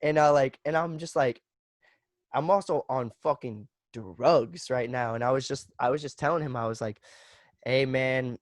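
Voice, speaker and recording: A man's voice: mid-range voice, moderate pace, no echo, studio quality. A young man in his twenties, a podcast guest telling stories in loose, profane casual chat full of "like" and "bro".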